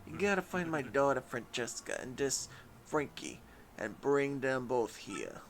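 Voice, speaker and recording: A man's voice: mid-range voice, lively intonation, measured pace. Mob boss, male, mock New York gangster accent, drawling and menacing, as a man puts him on, faint noise. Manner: drawling tough-guy threats.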